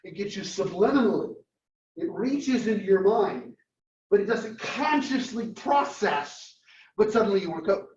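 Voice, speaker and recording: A man lecturing a marketing class, telling a story and acting out its dialogue in a lively way. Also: sits high, unhurried. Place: lecture room. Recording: roomy, distant, dull classroom recording.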